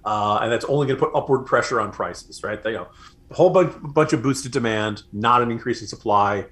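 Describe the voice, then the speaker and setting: Brief: male co-host, conversational and wry, average pitch. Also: brisk, a bit bright. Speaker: podcast co-host. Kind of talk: casual political commentary.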